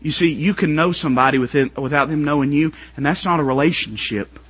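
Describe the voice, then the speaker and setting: A man preaching a sermon to his congregation, building up to shouted, strained pleading climaxes. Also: on the high side, fast talker, breathy edge, muffled recording.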